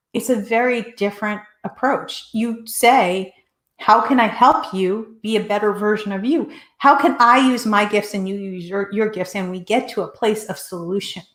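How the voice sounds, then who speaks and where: Woman, talk-show host, motivational, preachy repetition, middle pitch, echoey room. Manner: preachy, repetitive rallying cadence.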